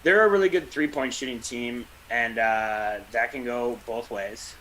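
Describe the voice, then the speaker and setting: This is a man chatting casually on a fan podcast. His voice is bright and forward. He rambles and slips in dry jokes, with a faint hiss under the recording. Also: medium pitch, unhurried, low-quality recording. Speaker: podcast co-host. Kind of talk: casual chat.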